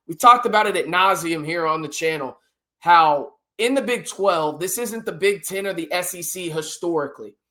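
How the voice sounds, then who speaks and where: A young man hosting a chatty, energetic sports recruiting commentary show. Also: fairly high pitch. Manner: energetic, chatty, digressive fan talk. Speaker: sports channel host.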